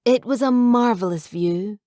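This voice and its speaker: A woman calmly narrating a novel as an audiobook reader. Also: fairly high pitch, measured pace, no echo, clean studio sound. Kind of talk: scripted narration.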